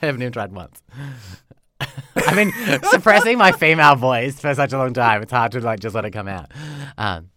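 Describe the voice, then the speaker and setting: A man co-hosting a podcast, teasing his partner with quick jabs in casual chat. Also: mid-range voice, lively intonation, bright, forceful tone, no room sound. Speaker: podcast co-host.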